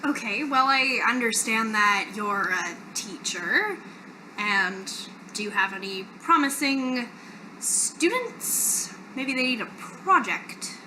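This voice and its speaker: A woman playing a tabletop game in character, asking measured, probing questions. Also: fairly high pitch, expressive, bright, forceful tone, slight background noise, poor audio. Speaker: player.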